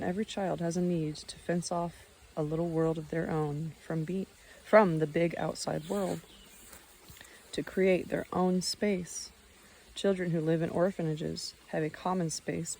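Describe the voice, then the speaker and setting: Woman reading an audiobook, low mellow voice, steady pace, reads footnotes too. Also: creaky, a little hiss or hum. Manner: steady reading with occasional slips and footnotes read aloud. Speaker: audiobook narrator. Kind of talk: audiobook narration.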